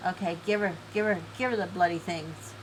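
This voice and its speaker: A woman's voice: on the low side, brisk, slight background noise, low-quality recording. A woman live-streaming an online game event, chatty and giggly, reading game text aloud.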